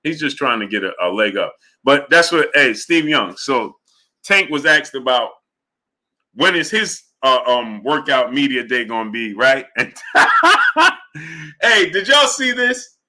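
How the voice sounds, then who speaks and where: Laughing, slangy sports show host, bright voice. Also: male voice, medium pitch, normal speed. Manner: animated, laughs a lot, slangy, repeats himself. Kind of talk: casual livestream chat.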